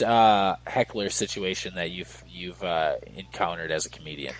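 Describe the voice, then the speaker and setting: Podcast host man, halting questions. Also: low-pitched, rough recording. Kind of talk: casual interview.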